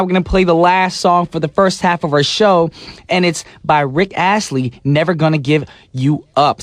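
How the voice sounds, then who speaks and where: A man's voice: fairly high pitch, dry recording. A man hosting a pop radio show from a studio, talking with playful, slangy energy. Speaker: radio DJ and host. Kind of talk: radio DJ chat. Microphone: studio microphone.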